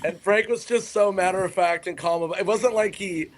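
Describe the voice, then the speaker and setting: A man's voice: sits high, fairly even intonation, brisk, a little hiss or hum. A man, a comedian and podcast guest, telling loose, rambling anecdotes in casual chat and cutting himself off mid-sentence. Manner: rambling, self-interrupting anecdotes.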